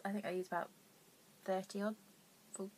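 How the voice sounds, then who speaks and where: A woman's voice: medium pitch, flat delivery, moderate pace, a little hiss or hum. A young woman hosting a casual knitting vlog, rambling and self-deprecating, with her voice dropping to near whispers at times. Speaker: knitting podcast host.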